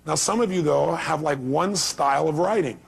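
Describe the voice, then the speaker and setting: Brief: male motivational speaker, husky, emphatic, high-pitched for a man. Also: moderate pace. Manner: emphatic, fires rhetorical questions at the audience. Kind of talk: motivational seminar talk.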